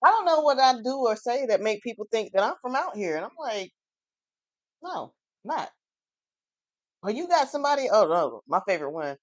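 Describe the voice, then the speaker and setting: A woman's voice: fairly high pitch, very animated, moderate pace, pauses often, no echo. A woman co-hosting a casual chat podcast, laid-back and wry. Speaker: podcast co-host.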